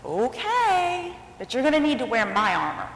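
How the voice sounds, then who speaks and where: A confused, worried old king, fretful and protective, as a woman preacher voices him in a storybook sermon. The voice rises high and echoes around a spacious church. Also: huge pitch swings, moderate pace, creaky, slight background noise, heavily acted.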